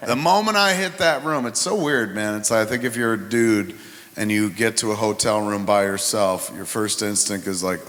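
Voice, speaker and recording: A man's voice: lowish voice, slight background noise. A middle-aged man telling crude, profane stories as a podcast host in casual chat. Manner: profane, animated anecdotes. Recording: live hall with reverb.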